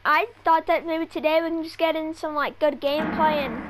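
High-voiced woman gamer, noisy mic. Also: steady tone. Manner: quick, teasing, impatient. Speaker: gaming YouTuber. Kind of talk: casual gameplay banter.

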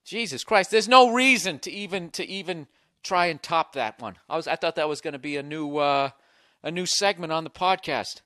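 A forceful middle-aged man hosts a comedy advice podcast, reading out letters and mocking them with loud, profane riffs. His fairly high voice comes at normal speed through a dry, close studio mic with no echo.

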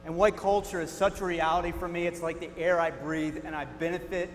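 A man's voice: a little high, steady tone, a little fast, in a large hall, close to an everyday voice. A man acting a defensive, well-meaning man in a church skit, flustered and repeating himself. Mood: repentant.

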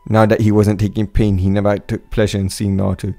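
Low, dark-voiced man reading a fan story. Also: level tone, fast. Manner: unpolished reading with slips and restarts. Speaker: narrator. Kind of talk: amateur fan fiction reading.

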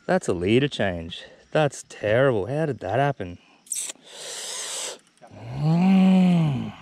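Brief: Aussie bloke fishing, excitable, lively pitch. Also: male voice, measured pace, dry recording. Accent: Australian. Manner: excitable, swears mildly. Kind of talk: casual chat while fishing. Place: small boat on a tidal creek.

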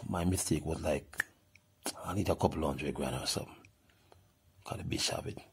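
A deep-voiced older man with a Jamaican accent, his voice husky and full of fry. He rants and swears in a heated, animated way, jumping from one topic to the next. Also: moderate pace. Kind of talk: heated profane rant.

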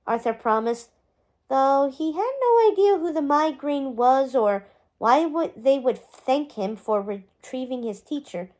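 A woman's voice: high voice, expressive, measured pace. A woman reading a chapter book aloud, narrating expressively. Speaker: storybook reader.

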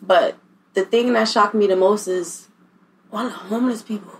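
A woman's voice: mid-range voice, fairly even intonation, normal speed. A young woman from Upstate New York, a singer guesting on a casual podcast, easygoing and a little shy. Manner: shy at first, giggly, easygoing.

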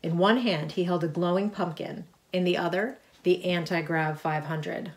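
A middle-aged woman reading her own picture book aloud, lively, with chatty asides about the pictures. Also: on the low side, normal speed. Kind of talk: storybook read-aloud.

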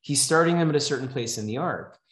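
Teaching a comics writing class in a house event room, a man rambles casually with lots of fillers and reads comic dialogue aloud. His mid-range voice is animated, fast and a little bright, and the recording has a roomy echo.

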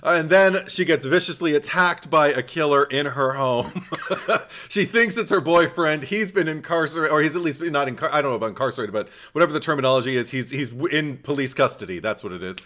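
A man co-hosting a casual podcast chat, an animated storyteller who laughs often. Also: a little high, a little fast. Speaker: podcast co-host.

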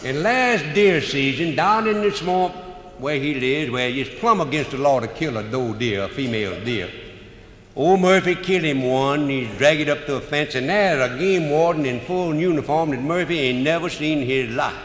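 Here the Cajun storyteller sounds high-ish and expressive, moving at a moderate pace through his comic stories in a folksy drawl. It's a live recording in a roomy hall, with faint noise.

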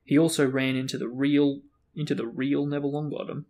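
A man with a gravelly voice reads a novel aloud. He acts out the dialogue with lively character voices and stops now and then for casual chat. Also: medium pitch, a little fast. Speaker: book discussion host reading aloud.

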